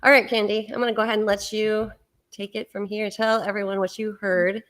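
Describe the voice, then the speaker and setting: A woman hosting a live-stream talk, chatty and excited, with many fillers. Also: medium pitch, brisk. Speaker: host. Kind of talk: casual live-stream chat.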